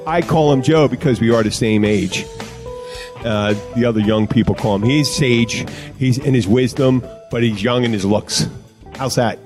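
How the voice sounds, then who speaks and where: A man's voice: mid-range voice, normal speed, music in the background. Rambling, jokey male podcast host. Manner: rambling, jokey, self-interrupting. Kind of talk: casual chat.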